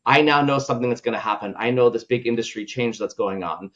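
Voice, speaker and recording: A man's voice: medium pitch, fast, fairly bright tone. Man talking shop, dull lo-fi sound. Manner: loose, filler-heavy, ends points with "right?". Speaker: podcast guest, product leader. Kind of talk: casual conversational interview.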